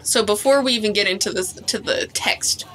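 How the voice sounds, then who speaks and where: A woman's voice: mid-range voice, moderate pace, fairly bright tone. A young woman streaming a story game, chatting, giggling often and reading the dialogue aloud.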